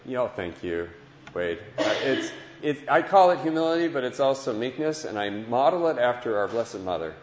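A man with a medium-pitched, sing-song voice speaks at a normal pace over slight background noise. He is preaching a heartfelt Christian sermon and testimony to listeners in a large hall, earnest and often repeating phrases. The recording sounds dull and lo-fi, with a long hall echo.

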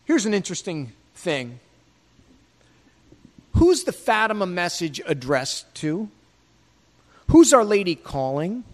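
A man with a notably high voice preaching with rhetorical questions and a provocative, chatty edge. His words carry a long hall reverb. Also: very animated, slow, long pauses. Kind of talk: sermon.

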